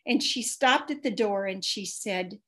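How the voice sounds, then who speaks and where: A woman guest telling earnest, animated personal anecdotes in casual conversation. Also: medium pitch, a little slow. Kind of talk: casual storytelling.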